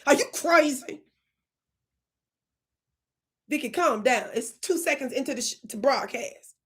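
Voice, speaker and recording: Woman, high voice, fiery preachy commentary, scolding, drawn-out emphasis, channel host. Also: expressive, fairly bright tone, husky. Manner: scolding, preachy, emphatic, stretches words for stress; keeps asking the audience if they are listening.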